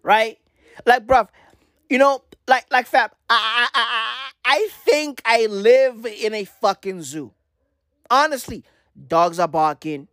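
Woman, casual comedic rant, slangy, swearing, playful, slow delivery, dry sound. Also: fairly high pitch, fairly bright tone, no room sound.

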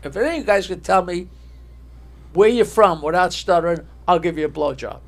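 A man's voice: high voice, a little fast. A man voicing a young woman at a bar who is fed up and impatient, in a joke told by a comedian.

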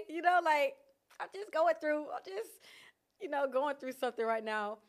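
A woman vlogger talking candidly and casually about her feelings, animated and laughing often. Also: high-pitched, normal speed. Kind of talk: casual reflective chat. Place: outdoors in nature.

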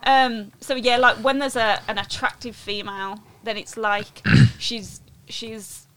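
A woman's voice: on the high side, steady tone, unhurried, a bit bright. Woman, late 20s to 30s, casual podcast guest, rambling and loose. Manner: chatty, loose, many fillers. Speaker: guest footballer and coach.

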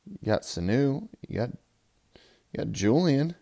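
A young man giving a profane, rambling fantasy football recap, swinging from loud hype to low mumbles. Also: big pitch swings, a little slow, creaky. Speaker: fantasy football league player.

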